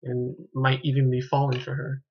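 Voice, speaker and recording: Male reviewer, husky, rambling, self-correcting; dull lo-fi home recording. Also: mid-range voice, monotone, normal speed. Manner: rambling, self-correcting, trips over words. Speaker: film reviewer. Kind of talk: casual unscripted review.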